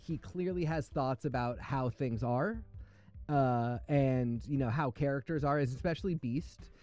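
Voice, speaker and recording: Thoughtful man with a mellow voice. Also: mid-range voice, soft background music. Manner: thoughtful, measured opinions. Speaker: host. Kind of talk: casual comics discussion.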